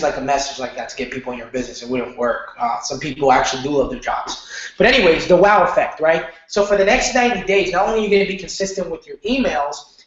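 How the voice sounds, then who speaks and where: A man teaching an online marketing lesson in a casual, animated way, often checking in with "okay?" and slipping into slang. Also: a little high. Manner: animated, repeats "okay?", loose slangy talk. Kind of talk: casual training lecture. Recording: very echoey, muffled room.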